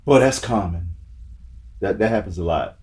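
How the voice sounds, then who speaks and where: A man's voice: low-pitched, lively intonation, normal speed, darkish tone. A man hosting a casual podcast, cutting in with encouraging, playful remarks.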